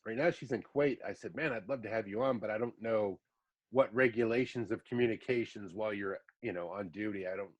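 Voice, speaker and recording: A man's voice: on the low side, a little fast. A man in his fifties hosting a podcast, telling long rambling anecdotes with lots of asides in a casual chat. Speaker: podcast host.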